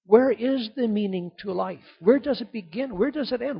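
A man with a high, gravelly voice delivers a sermon from the pulpit, trading rhetorical questions for hushed passages. His voice is breathy and rough. The recording is dull and lo-fi. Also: normal speed. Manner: preaching with rhetorical questions, swinging from loud emphasis to hushed tones. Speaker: pastor.

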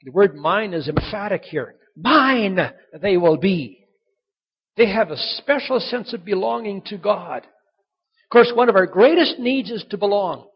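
A pastor preaching a sermon, emphatic and conversational, who drives home key points by repeating them, in a dull lo-fi recording. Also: male voice, sits high, animated, moderate pace, creaky, breathy edge.

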